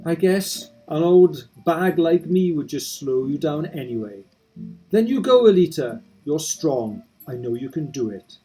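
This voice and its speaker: A man's voice: a little high, lively intonation, faint music behind, low-quality recording. A man reading aloud as a kindly, emotional old woman who fusses over a young hero. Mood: fond. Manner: warm, fussing, quick to tears. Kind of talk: reading game dialogue aloud.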